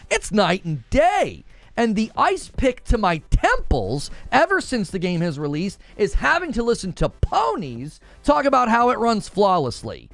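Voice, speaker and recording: A man rants in a heated, sarcastic gaming podcast. His voice sits high and swoops all over as he vents. The sound is dry and close, with faint music underneath. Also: dry recording. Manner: exasperated, ranting, sarcastic. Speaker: gaming news co-host.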